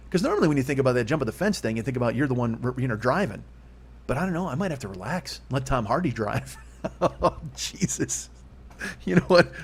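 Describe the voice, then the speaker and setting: A man in his fifties hosting a solo comedy podcast, rambling and profane with a self-mocking streak. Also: mid-range voice. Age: 50s.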